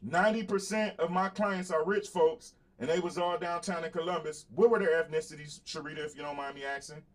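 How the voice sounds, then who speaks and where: A man hosting a casual talk show stream, his voice sitting a little high for a man. He is blunt and swears freely. He circles back to repeat his points, laughs between them and calls out to viewers in the chat. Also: fairly even intonation, fairly quick, few pauses. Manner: blunt, profane, emphatic, repeats himself. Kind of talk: casual livestream monologue, answering chat.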